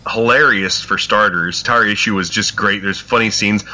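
A man's voice: on the low side, moderate pace, pushed and bright. A man co-hosting a casual comic book podcast, gushing with enthusiasm and swearing freely. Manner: enthusiastic, profane. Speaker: podcast co-host.

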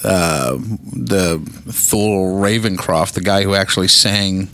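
A man hosting a podcast in casual chat, talking haltingly with many restarts and fillers. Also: low-pitched, steady tone, a bit bright. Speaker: podcast host.

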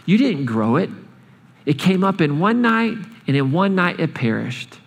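A man voicing God as a patient, weary deity in a lowered, muttered tone. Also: very animated, measured pace, heavily acted. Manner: low and muttered. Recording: long hall reverb.

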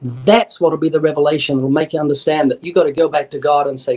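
A radio interview features an evangelist with a slightly high, a little mellow voice, speaking quickly with few pauses and a steady tone. He explains earnestly and emphatically, citing scripture and acting out brief dialogues along the way.

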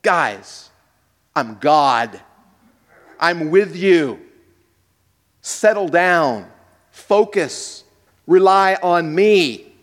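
A man preaching who voices a commanding divine teacher as he calms terrified men, with emphatic, forceful commands. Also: a little high, drawn-out words, long pauses, long reverb tail. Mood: reassuring.

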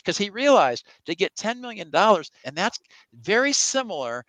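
A man's voice: high-pitched, very animated, normal speed, a bit bright, no room sound, poor audio. A man in an interview who explains his faith through long anecdotes. He acts out the quoted voices in his stories. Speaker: evangelical Christian guest. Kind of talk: conversational interview.

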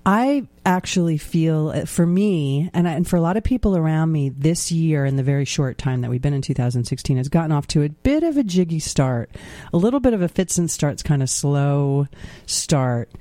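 Guy cohost on a chat podcast, higher voice, warm, musing, laughs a lot. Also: animated, moderate pace, no echo, clean studio sound. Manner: reflective, laughs often. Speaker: podcast co-host. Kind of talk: casual chat.

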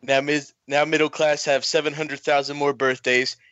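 A man's voice: on the high side, little pitch movement, normal speed, a bit bright, no echo, muffled recording, natural voice. A man doing an impression of a boastful, rambling male president giving a grandiose speech.

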